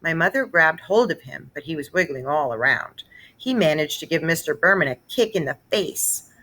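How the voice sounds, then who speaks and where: A woman reading a children's novel aloud, expressive and storytelling. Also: low voice, moderate pace. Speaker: read-aloud narrator.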